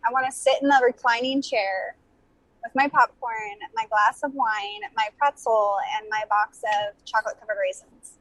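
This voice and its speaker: A woman's voice: on the high side, normal speed, a bit bright, poor audio. A woman in her thirties, a podcast guest chatting casually, laughing and filling her talk with "like". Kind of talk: casual chat.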